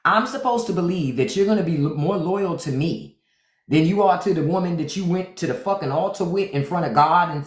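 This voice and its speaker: A man hosting a livestream, ranting bluntly and profanely in a casual chat style. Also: high voice. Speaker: podcast host. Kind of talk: livestream rant. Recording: echoey room.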